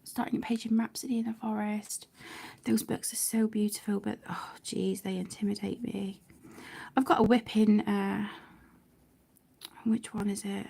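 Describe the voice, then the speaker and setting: A woman's voice: medium pitch, little pitch movement, moderate pace, gravelly, husky. A woman hosting a colouring channel, chatting casually during a live stream and often dropping to a near whisper. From United Kingdom. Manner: soft-spoken, often drops to a near whisper; chatty, warm-hearted, many fillers and restarts.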